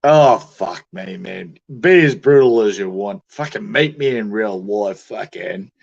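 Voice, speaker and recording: A man's voice: lowish voice, animated, unhurried, vocal fry, dull audio. An Australian man bantering casually on a livestream, swearing often, laughing easily and sounding drunk.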